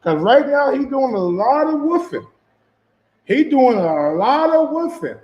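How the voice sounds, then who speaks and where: A sports commentator reacts casually to boxing footage in a loose, profane way, repeating himself and asking his viewers questions. His very high-pitched voice is very animated, a little slow and darkish in tone, captured in a muffled recording from an echoey room.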